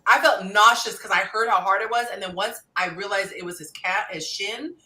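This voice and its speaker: A woman's voice: medium pitch, moderate pace, roomy sound, far from the mic, a crowd in the background, rough recording. A middle-aged woman hosting a casual panel chat, laughing often and acting out her own reactions. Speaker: host.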